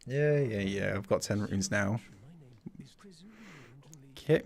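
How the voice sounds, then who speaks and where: A man's voice: lowish voice, takes it slowly. A man chatting through a game livestream, thinking aloud and laughing often. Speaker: streamer. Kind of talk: livestream gameplay commentary.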